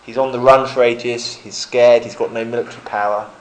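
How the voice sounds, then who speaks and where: A middle-aged man leading an informal Bible study, chatty, often correcting himself and growing animated in places. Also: mid-range voice, a little fast, low-quality recording.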